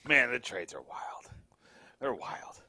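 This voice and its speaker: A man's voice: medium pitch, takes it slowly, dry recording. A man who edits a sports site, chatting casually as a guest on a podcast, joking and drifting into asides. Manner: animated, jokey, trails off into asides.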